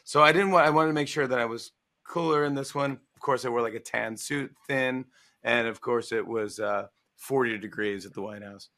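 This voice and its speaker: A man's voice: medium pitch, normal speed. A man in his forties casually telling a funny anecdote, acting out the voices of the people he quotes. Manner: animated storyteller, acts out quoted voices. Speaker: talk show guest, author. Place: promotional livestream interview.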